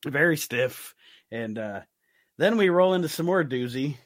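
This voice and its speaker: A man with a slightly high voice trades jokes as a co-host on a wrestling podcast. He reacts quickly and talks in a loose, everyday way. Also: expressive, no echo, clean studio sound. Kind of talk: casual wrestling review chat.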